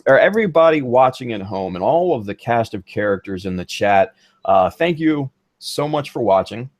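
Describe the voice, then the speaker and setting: A man's voice: mid-range voice, expressive, normal speed, darkish tone, dry recording. Laid-back man hosting a podcast. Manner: laid-back, filler-heavy, friendly sign-off. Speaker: podcast host. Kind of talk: casual chat.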